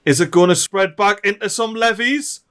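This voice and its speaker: A young man commentating a strategy game, animated and frantic, often shouting at his in-game workers. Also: high-pitched, moderate pace, clear, resonant tone. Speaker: gameplay commentator. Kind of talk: let's play commentary.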